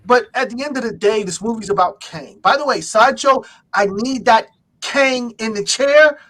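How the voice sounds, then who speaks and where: Man, high pitch, bright voice, excitable podcast co-host, casual chat. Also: moderate pace. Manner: excitable, repeats himself. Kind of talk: casual movie reaction chat.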